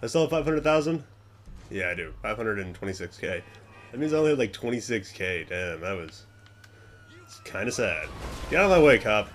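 A young man giving casual gameplay commentary, swearing often and muttering to himself, then yelling at other players. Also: fairly low pitch, big pitch swings, fairly quick, long pauses, slight background noise.

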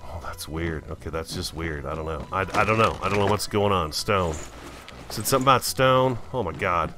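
A man's voice: low-pitched, a little fast, over music. A man giving casual, chatty commentary while playing a game, talking to himself and easily startled. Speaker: gameplay video host.

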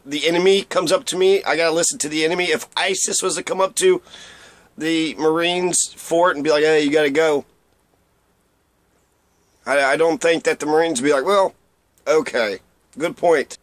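A man's voice: fairly high pitch, fairly even intonation, a little fast, fairly bright tone, no echo. A man giving a casual, irreverent spoken history lesson with blunt asides, sometimes stumbling over and repeating names. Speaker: history presenter.

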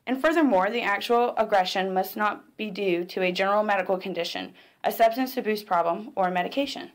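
A woman reading a scripted documentary narration in a measured, clinical way. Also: mid-range voice.

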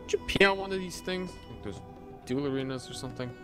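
A man joins a Minecraft roleplay and teases his friends at every turn. His voice swings around animatedly, and music plays clearly in the background. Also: medium pitch, lively intonation, quick pace.

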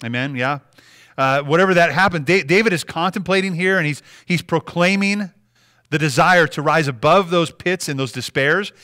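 A pastor in his thirties delivers a sermon in a church, talking to the congregation in a loose, conversational way. His voice sits a little high and sounds bright and clear. He often restarts his phrases and tosses in "right?" to check in with the room. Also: moderate pace. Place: church sanctuary.

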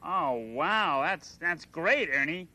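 Bert, a fussy puppet. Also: male voice, a little high, slow pace, bright, forceful tone, exaggerated voice. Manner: earnest, fussy, nitpicking. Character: fussy earnest male puppet grown-up. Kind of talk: children's puppet comedy sketch.

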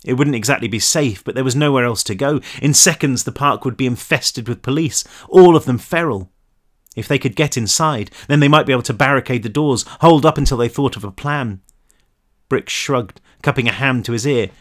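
A man reads his own action novel aloud, leaning into the tension of each scene. His voice sits at an ordinary male pitch, and his delivery is expressive and storytelling-driven. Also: fairly quick. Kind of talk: dramatic audiobook narration.

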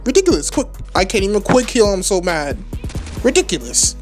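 A woman giving live gameplay commentary as a gaming channel host, excitable and rambling, trash-talking opponents. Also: mid-range voice, normal speed, soft background music.

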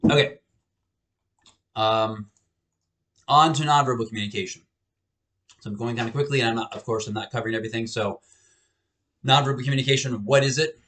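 A man's voice: mid-range voice, brisk, pauses often, a bit bright. A man lecturing on communication in a recorded class video, explaining with frequent restarts and fillers. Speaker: college lecturer.

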